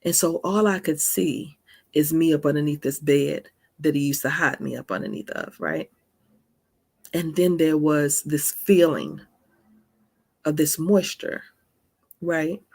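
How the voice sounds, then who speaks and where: A woman's voice: low-pitched, unhurried, creaky, long pauses, a little mellow, slightly rough. A woman in her forties hosting a faith talk show, giving a candid personal testimony in an earnest, conversational way. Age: 40s. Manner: earnest and conversational, often asks "right?". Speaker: faith podcast host.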